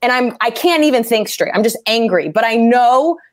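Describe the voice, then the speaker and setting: A woman comedian talking casually about writing jokes, animated and swearing freely as she acts out angry quotes. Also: a little high, moderate pace, no room sound, clean studio sound. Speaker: stand-up comedian. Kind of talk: casual interview talk.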